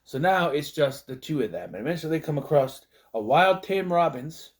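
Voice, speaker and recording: A man recapping a movie in a loose, casual way, often slipping into quick put-on voices to act out the scenes. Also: a little high, expressive. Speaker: movie reviewer.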